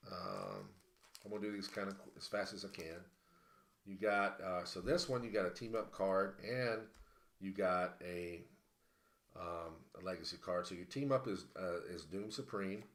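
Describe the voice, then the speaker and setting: A man with a fairly low voice hosts a casual live stream, working through a long rundown of collectible cards. He rambles, stumbling through restarts and filling pauses with ums and uhs. The sound carries a roomy echo. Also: a bit bright. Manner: rambling, many fillers and restarts. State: out of breath. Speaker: livestream host.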